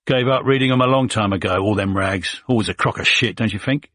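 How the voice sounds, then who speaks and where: A man voicing a gruff, blunt male tank soldier with a Cockney accent, joking and swearing. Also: fairly low pitch, brisk, a bit bright, dry recording, clean studio sound. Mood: gruff banter.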